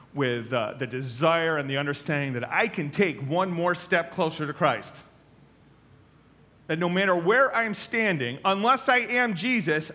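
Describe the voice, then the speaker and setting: A man preaching a sermon as a pastor, telling stories with lively acted-out voices. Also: on the high side. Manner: animated storytelling, acts out voices.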